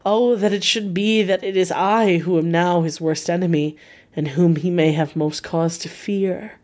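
A woman's voice: on the low side, steady tone, moderate pace, darkish tone, close to an everyday voice. Distraught young wife in an audiobook, sobbing pleas, read by a woman. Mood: despairing.

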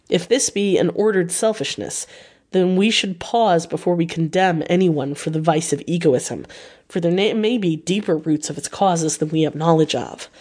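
A woman's voice: lowish voice, a little mellow. Woman reading a classic novel aloud. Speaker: audiobook reader.

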